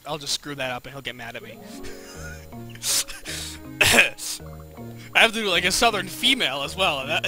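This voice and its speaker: A man streaming a video game with a cold, giggly and playful as he chats with his viewers. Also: sits high. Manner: giggly, playful, chatting with chat. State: has a cold. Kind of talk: casual game commentary.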